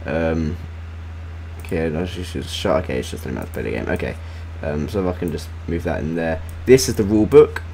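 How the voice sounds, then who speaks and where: A man hosting a casual let's-play, chatty and halting with fillers and restarts. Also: extremely low pitch, vocal fry, darkish tone, slight background noise. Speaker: gaming channel host.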